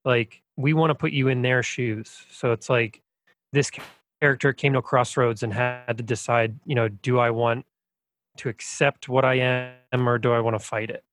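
A man's voice: medium pitch, steady tone, normal speed, a bit bright. A man, a game designer guest, explaining his work in an agreeable, casual way. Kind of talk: casual interview chat.

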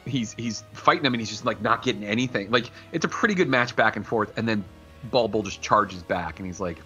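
A man co-hosting a casual chat, rambling and animated, often slipping into goofy character voices. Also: on the low side, a little fast, highs cut off, faint music behind. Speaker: podcast co-host.

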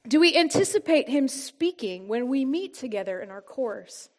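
High-voiced earnest woman giving testimony. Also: animated, normal speed. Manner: earnest, heartfelt storytelling that drops soft and quiet for emphasis. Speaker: church small-group speaker. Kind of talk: personal testimony and teaching.

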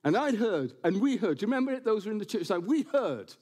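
Lively, joking male preacher in church. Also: high-pitched, fast. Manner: animated preaching with playful jokes and asides. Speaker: pastor. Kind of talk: sermon. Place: church building, before a congregation.

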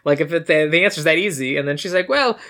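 Bright-voiced young man recapping a movie. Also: on the high side. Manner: animated retelling, quoting characters in quick voices. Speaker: podcast co-host. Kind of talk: casual movie recap chat.

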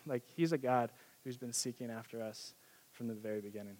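A young man preaching a sermon in a casual, excited, conversational way, with many fillers. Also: medium pitch, brisk.

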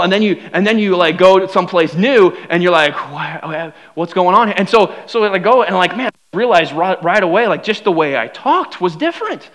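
Young man, high voice, sermon, casual, animated storytelling. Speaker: pastor.

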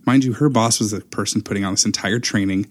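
Man with a lowish voice telling a story. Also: fast talker, slightly rough. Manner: animated storyteller, acts out quotes. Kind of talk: casual storytelling chat.

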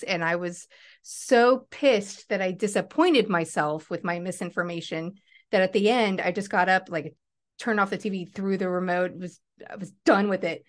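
A woman co-hosting a fan podcast, chatting in a wry, candid way. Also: medium pitch. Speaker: podcast co-host. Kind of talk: casual fan chat.

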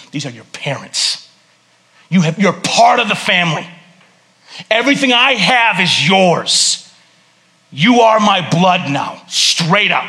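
A man preaches to his church in a loose, conversational way, cracking jokes and then dropping into quiet, earnest tones. His voice is bright and cutting, pitched a little high for a man. He sounds like a pastor talking straight to his congregation. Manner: conversational and joking, swinging between loud bursts and hushed earnest tones. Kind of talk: sermon. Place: church service.

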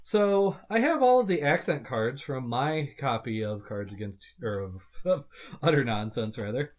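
A man's voice: medium pitch, lively intonation, normal speed, highs cut off. A man hosting a podcast in casual chat, speaking in a mock-formal way to his listeners. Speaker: podcast host.

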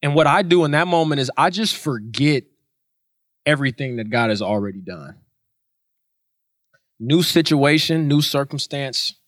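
A man's voice: medium pitch, expressive, moderate pace, pauses often, fairly bright tone, dry recording, studio quality. A man preaching a sermon in an earnest way, repeating his points for emphasis.

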